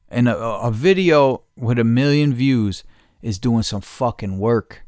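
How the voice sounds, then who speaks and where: A man hosting a casual solo podcast, rambling and profane, correcting himself mid-sentence and jumping into loud excited bursts. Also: mid-range voice, unhurried, no room sound, clean studio sound. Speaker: podcast host.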